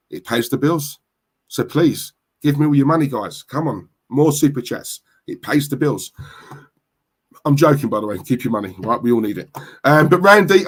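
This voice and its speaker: A man with a London accent talks casually on his live stream. He is chatty and slangy, greeting viewers by name. His voice sits in a middle pitch. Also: a bit bright. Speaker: football livestream host.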